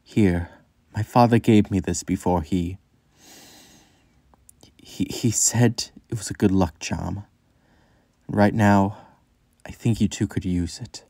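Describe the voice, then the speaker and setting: A man voicing a gracious young princess, speaking softly and politely. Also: sits low, fairly even intonation, a little slow, no room sound, studio quality. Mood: grateful.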